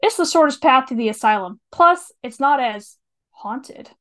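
A woman's voice: sits high, animated, moderate pace, a bit bright. A woman reading aloud the lines of a kindly unicorn in a storybook. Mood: earnest. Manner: read aloud casually from a script.

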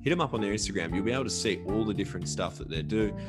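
An upbeat man co-hosts a casual podcast in a slightly low voice, chatty and quick to repeat his catchphrases. Faint music sits behind him. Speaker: podcast co-host. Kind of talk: casual podcast chat with sponsor reads.

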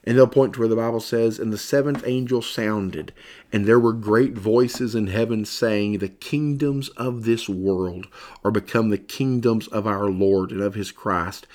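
A tired Bible teacher with a fairly low, slightly mellow voice gives a sermon-style lesson, yawning as he goes. He reads scripture aloud with rising emphasis, then explains it loosely, using fillers.

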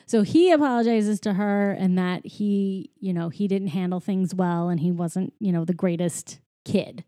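A woman's voice: medium pitch, normal speed, warm tone, dry recording, studio quality. A woman recapping a movie in a casual chat, full of "like" and "you know", often giggling.

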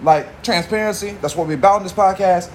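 Profane, rambling man with a high voice. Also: brisk, slight background noise. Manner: profane, rambling, slang-heavy. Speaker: podcast host. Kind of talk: casual monologue.

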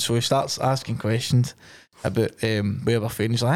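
A man's voice: medium pitch, normal speed. A man with a Glasgow accent, co-hosting a podcast and telling a travel story with plenty of swearing and laughter. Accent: Scottish, Glasgow. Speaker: podcast co-host. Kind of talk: casual storytelling chat.

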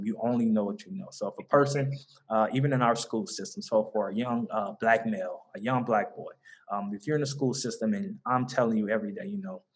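Earnest Southern American man, talking loosely. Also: medium pitch. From Southern United States. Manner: earnest, loose and repetitive, with frequent ums and restarts. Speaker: founder of a mentoring organization. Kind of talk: conversational interview answer.

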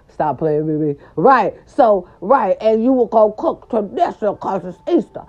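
Woman vlogger, casual storytelling, sassy and expressive, mellow tone, muffled lo-fi sound. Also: medium pitch, measured pace, hardly any pauses. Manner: sassy, animated, talks straight to viewers. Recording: dull lo-fi recording.

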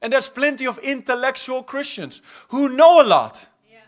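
A man preaching a charismatic sermon as pastor in a church hall, fervent, swinging between loud exhortation and quiet asides. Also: very high voice, expressive, normal speed. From South Africa.

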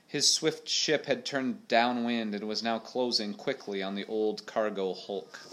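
A man, a teacher, reading a chapter book aloud to young schoolchildren in a steady storytelling voice. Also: on the low side, unhurried, hardly any pauses, slight background noise, low-quality recording.

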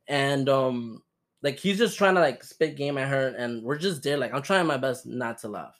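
A young man tells stories on a casual podcast. He is animated and slips into quick impressions of the people he describes. His voice sits at an ordinary middle pitch. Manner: animated, imitates people he quotes. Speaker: podcast host. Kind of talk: casual chat, storytelling.

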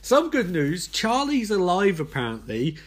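A man's voice: high-pitched, wildly swooping pitch, a little slow, a little hiss or hum. A man hosting a podcast as a comic monologue. He is exhausted and swings between frantic swearing rants and tired mumbling. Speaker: podcast host.

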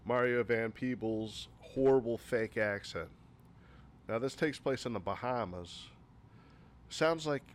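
A man reviewing movies in a casual list format, rambling and exasperated, with lots of filler words. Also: lowish voice.

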